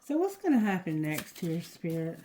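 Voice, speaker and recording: A woman giving a casual tarot reading to her viewers, talking loosely and cursing, going quieter when she asks the cards. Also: lowish voice, big pitch swings, normal speed, very noisy. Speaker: tarot reader.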